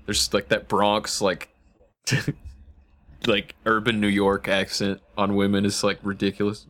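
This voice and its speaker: A man's voice: fairly low pitch, monotone, slow, fairly bright tone. A man co-hosting a podcast in casual chat, laid-back and wry. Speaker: podcast co-host.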